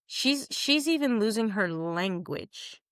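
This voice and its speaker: A young woman co-hosting a podcast in casual chat, animated and jokey, acting out quotes. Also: medium pitch, slow pace, no echo, studio quality. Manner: animated, jokey, calls co-host "friend", acts out quotes. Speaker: podcast co-host.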